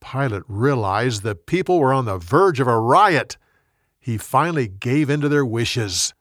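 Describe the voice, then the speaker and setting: A man narrating a Bible story in an expressive, dramatic reading style. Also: mid-range voice, measured pace, dry recording, studio quality. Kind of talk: scripted storytelling.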